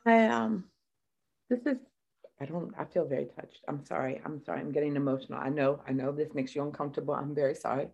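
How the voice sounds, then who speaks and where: A woman playing an emotional partner in an improvised comedy scene, quick to tears and quick to defend herself. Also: fairly high pitch, very animated, muffled recording. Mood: touched. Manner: gushing, quick to tears and self-justifying. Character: emotional, touchy woman on a romantic outing.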